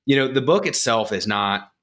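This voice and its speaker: A man's voice: mid-range voice, expressive, normal speed. A man speaking as a guest on a podcast in casual conversation, reflective and often ending points with "right?". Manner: reflective, drops quieter when musing, frequent "right?" tags. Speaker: podcast guest, company co-founder.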